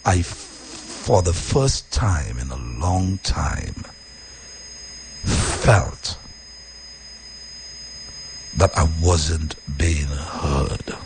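A man who hosts radio, talking casually about his week, deep-voiced when calm and emphatic with repeated phrases. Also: extremely slow, pauses often, background noise. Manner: repetitive, emphatic, swings from quiet and low to high and animated. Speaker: radio host. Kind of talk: casual personal talk.

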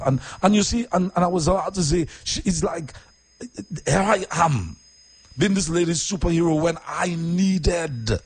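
A man who hosts radio, talking casually about his week, deep-voiced when calm and emphatic with repeated phrases. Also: husky. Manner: repetitive, emphatic, swings from quiet and low to high and animated. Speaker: radio host. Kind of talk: casual personal talk.

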